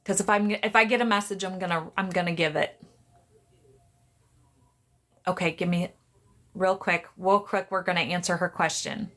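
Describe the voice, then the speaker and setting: Bright-voiced woman live-streaming psychic readings. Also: fairly low pitch, fairly even intonation, moderate pace, pauses often. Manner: chatty, restarts a lot, talks to viewers by name.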